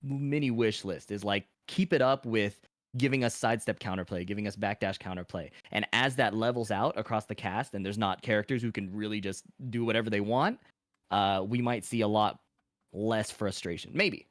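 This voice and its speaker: A man giving his opinion as a podcast guest in a thoughtful, measured way, often restarting phrases. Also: on the low side, fairly bright tone, no echo, clean studio sound. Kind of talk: casual analytical podcast talk.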